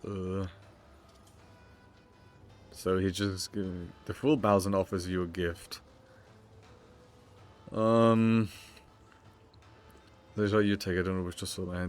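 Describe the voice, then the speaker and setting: Low voiced streamer guy reading game text out loud, chatty, trips over words, faint game music behind. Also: flat delivery, slow, pauses often. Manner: chatty, reacts aloud, stumbles over words while reading. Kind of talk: casual let's-play commentary and reading game text aloud.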